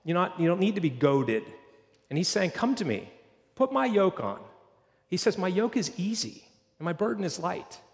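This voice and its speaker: A man preaching a sermon in a church, earnest, slowing down to read scripture. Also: high voice, sing-song, vocal fry, big-room sound. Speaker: pastor.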